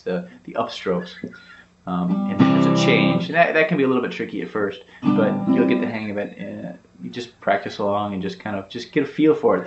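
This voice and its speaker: A man's voice: lowish voice, highs cut off. Easygoing man teaching guitar, roomy sound. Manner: easygoing, explains step by step with many fillers. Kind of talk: casual guitar tutorial.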